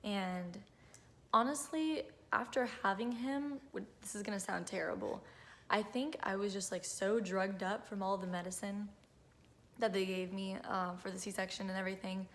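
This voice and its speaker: A woman's voice: medium pitch, steady tone, normal speed, a bit bright. A woman in her twenties telling a personal story to camera in a chatty, emotional way, full of "like" and "um". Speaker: vlogger.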